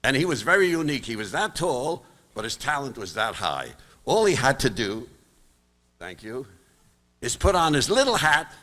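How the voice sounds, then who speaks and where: A man's voice: big pitch swings, normal speed, bright, forceful tone. An older man from Brooklyn, telling jokes on stage in punchy bursts. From Brooklyn, New York. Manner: punchy joke delivery with big swings of pitch. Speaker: comedian, stage performer. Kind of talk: stand-up storytelling on stage. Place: large high school auditorium. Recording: long reverb of an auditorium.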